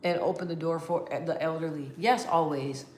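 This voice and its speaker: A woman vlogging casually to her viewers, talking in an animated, emphatic way with slang and frequent restarts. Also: low-pitched, moderate pace, roomy sound, slight background noise. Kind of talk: casual talk to camera.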